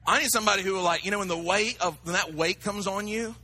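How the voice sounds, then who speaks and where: A man preaching with a high, very bright, piercing voice. He talks straight to his congregation, animated and full of acted-out asides. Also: fast, husky. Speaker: pastor. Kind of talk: sermon.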